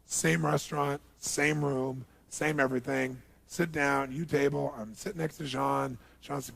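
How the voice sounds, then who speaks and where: A middle-aged man giving a motivational seminar talk, telling stories in an animated way and asking the audience questions. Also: medium pitch, unhurried, few pauses. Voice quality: gravelly, husky voice. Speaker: motivational speaker.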